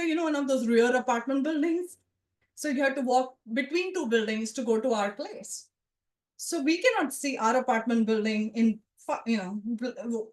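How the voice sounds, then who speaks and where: A woman around forty telling a personal story to a live audience, conversational and animated, with asides to the listeners. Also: high-pitched, echoey room. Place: event room with a live audience.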